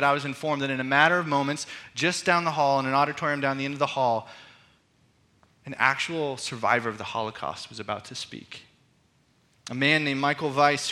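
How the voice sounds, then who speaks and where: A man preaching a sermon as pastor, telling a story earnestly and reflectively and slowing down for emphasis. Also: mid-range voice, bright, forceful tone.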